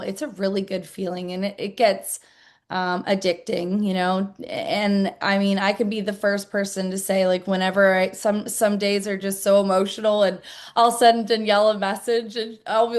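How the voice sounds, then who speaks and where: A woman interviewed as a network marketer, answering earnestly and chattily with many "like"s and "I mean"s. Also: mid-range voice.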